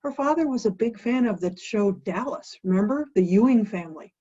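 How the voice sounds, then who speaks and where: A woman's voice: on the high side, lively intonation, fairly quick, warm tone, lo-fi sound. A woman hosting a home cocktail vlog, chatty and playful, asking and answering her own questions. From United States. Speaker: host of a home cocktail show.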